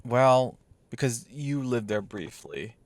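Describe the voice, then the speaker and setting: A man co-hosting a podcast in casual chat, playful and quick with jokes. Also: mid-range voice, dry recording. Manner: playful, jokey interjections, lively intonation. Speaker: podcast co-host.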